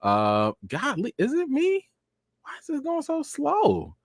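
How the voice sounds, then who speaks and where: A man hosting a casual live stream, giving quick shout-outs to viewers and rising into high, exasperated rants. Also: wildly swooping pitch, dry recording, clean studio sound. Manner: rises into high, exasperated ranting.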